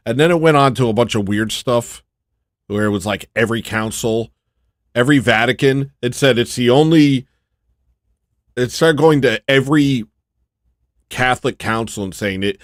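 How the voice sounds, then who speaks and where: A man's voice: mid-range voice, normal speed, long pauses, no room sound. Rambling sarcastic man on a dry mic. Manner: sarcastic, rambling, mocking impressions. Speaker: livestream host. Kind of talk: casual livestream commentary.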